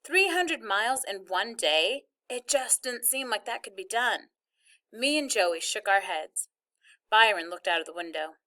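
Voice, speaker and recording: A woman reading a novel aloud as its first-person narrator, telling the story in a wry, lively way. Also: medium pitch, a little slow. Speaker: audiobook reader.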